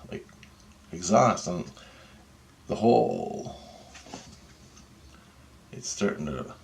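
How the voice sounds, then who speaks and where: Gravelly man telling a wild story. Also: sits low. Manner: profane, animated retelling of a dream. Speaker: vlogger. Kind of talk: casual storytelling.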